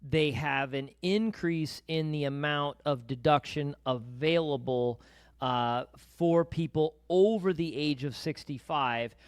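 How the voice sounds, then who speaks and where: A middle-aged man hosts a financial podcast in a relaxed, conversational way, breaking in to sum things up and sharing stories from his own life. His voice sits a little high for a man. The studio sound is dry and close. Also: slow, smooth, dry recording. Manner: conversational, anecdotal, interjecting to summarize. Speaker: podcast host. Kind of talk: casual financial podcast chat.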